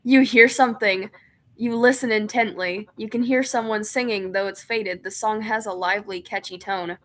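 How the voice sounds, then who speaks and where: A woman's voice: medium pitch, fairly even intonation, moderate pace, a bit bright. A young woman streaming a game, chatting casually, laughing often and reading game text aloud. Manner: giggly, reads chat and game text aloud.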